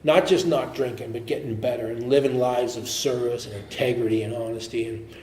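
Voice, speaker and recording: A middle-aged man telling his personal recovery story at a meeting, earnest and animated, quick to laugh and sometimes dropping to a murmur. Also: medium pitch, roomy sound, slight background noise. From Pittsburgh area. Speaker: AA speaker. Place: meeting hall.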